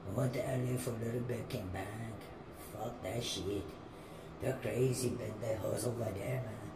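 A man's voice: fairly low pitch, fairly even intonation, moderate pace, natural voice. A man voicing a broke, streetwise Chicano man who drawls slang and says "man" at every turn. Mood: complaining. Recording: roomy, distant, noisy room.

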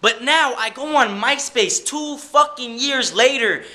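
A man's voice: very high voice, a little slow, bright, forceful tone. A young adult man, a DJ and club promoter, talking in a rambling, hyped, playful vlog style with casual swearing.

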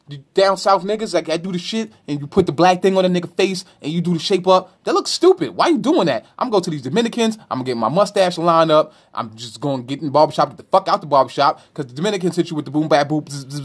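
A stand-up comedian from Brooklyn with a New York accent, ranting brashly with profanity and mocking questions. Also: male voice, fairly high pitch, husky. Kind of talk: comedic rant to camera.

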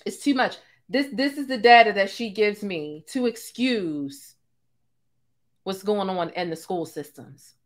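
A young woman hosts a live-stream and rants in sassy, profane bursts. Her voice sits at an ordinary middle pitch and she talks straight to her viewers. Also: a little slow. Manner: sassy, profane, animated ranting with laughs. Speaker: host.

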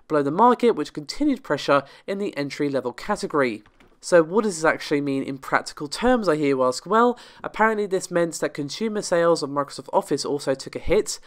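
A tech news host, a man, talks his viewers through the latest stories in a loose, conversational way. His voice sits somewhat high and comes across clean and resonant. A cold leaves it slightly nasal. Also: smooth. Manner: chatty, talks straight to viewers. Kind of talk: casual tech news commentary.

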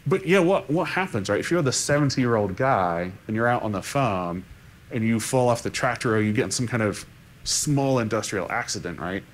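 A man's voice: medium pitch, animated, normal speed, a little hiss or hum. A man speaking on a conference panel, thinking aloud with restarts and frequent "right?" tags. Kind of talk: unscripted panel discussion.

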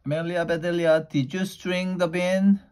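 A man's voice: high voice, little pitch movement, normal speed, a little mellow, clean tone, voice pushed up, natural voice. A man voicing a flustered, fussy lady of the house, exclaiming in exasperation in a raised voice. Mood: exasperated.

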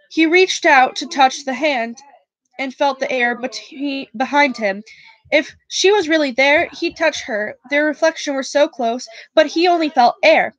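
A woman's voice: high voice, dull audio. A woman reading a novel aloud in a casual way, with small slips and restarts. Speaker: reader.

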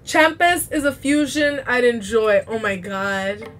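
A woman chatting excitedly while playing a video game, often shrieking and laughing. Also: on the high side, measured pace, slight background noise. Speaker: gamer playing on stream. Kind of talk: casual gaming commentary.

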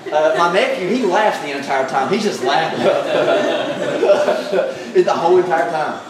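Exuberant pastor in an echoey hall. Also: male voice, on the high side, lively intonation, fairly quick, recorded from a distance, a loud crowd. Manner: exuberant, emphatic, builds to shouts. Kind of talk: sermon. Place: large echoey church hall.

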